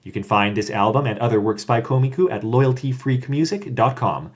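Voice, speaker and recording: A man hosts a casual podcast, his voice mid-pitched and even. He keeps a dry, deadpan manner. He reads out credits and links in a plain, relaxed way. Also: fairly quick. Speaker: podcast host.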